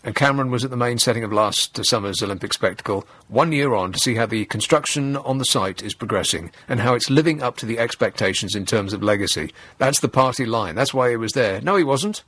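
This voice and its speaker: A man's voice: mid-range voice, brisk, hardly any pauses, a bit bright, husky. A man hosting a radio talk show, mocking and sarcastic in tone and chuckling at his own jokes. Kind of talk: sardonic talk radio monologue. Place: radio studio.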